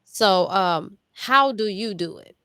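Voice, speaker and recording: A woman's voice: medium pitch, animated, slow pace, a bit bright, smooth, no echo. Woman host, casual and effusive, dry close sound. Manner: loose, enthusiastic, swears casually. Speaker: interview host. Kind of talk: casual interview chat.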